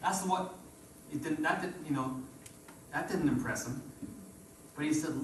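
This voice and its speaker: Heard from a distance amid the sanctuary's roomy echo, a preacher delivers a call-and-response sermon whose volume swells and falls. His slightly high voice is unhurried with frequent pauses, and there's slight background noise.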